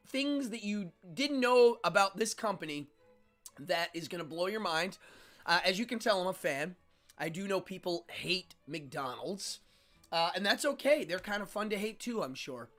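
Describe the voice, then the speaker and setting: A man's voice: high voice, fairly bright tone. A man in his forties hosting a casual livestream, chatting with viewers and eating between sentences. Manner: chatty, eats between lines. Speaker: livestream host.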